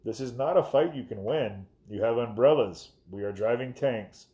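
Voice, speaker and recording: A man mimicking an overpolite police loudspeaker. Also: mid-range voice, normal speed, lightly acted. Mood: mock courteous. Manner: exaggeratedly courteous, formal. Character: overly polite police loudspeaker announcer, male, courteous.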